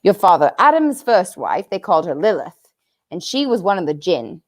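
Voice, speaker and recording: A woman's voice: lowish voice, big pitch swings, moderate pace. A woman voicing an earnest, kindly male talking beaver in a storybook, with a folksy drawl that creeps into his speech.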